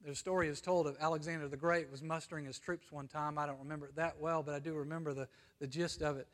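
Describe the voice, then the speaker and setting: A man with an American accent preaching a sermon, earnest and emphatic, often dropping to a hush and asking "you see?". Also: fairly high pitch, fairly even intonation, fast talker, long reverb tail. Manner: earnest, swings between emphatic and hushed, frequent "you see?". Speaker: pastor.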